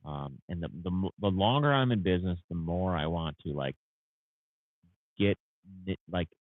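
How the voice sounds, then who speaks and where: Man, very deep voice, tired, rambling livestream chat, tinny dry phone-like sound. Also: no room sound. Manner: rambling, tired, with many fillers and restarts. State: tired, yawning. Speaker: landscaping business owner hosting a livestream. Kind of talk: casual livestream Q&A.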